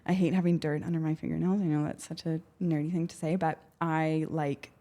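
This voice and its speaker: A woman's voice: deep voice, little pitch movement, fairly quick, dark tone. A young woman from Canada, a podcast guest, chattily telling a story with lots of fillers and acted-out voices. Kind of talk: casual storytelling.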